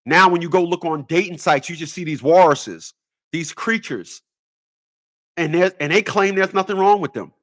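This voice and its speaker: A man's voice: a little high, moderate pace, a bit bright. A man ranting in a rambling comedic monologue, stammering and repeating words as he goes. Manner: stammers and repeats words, laughs at own jokes. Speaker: vlogger.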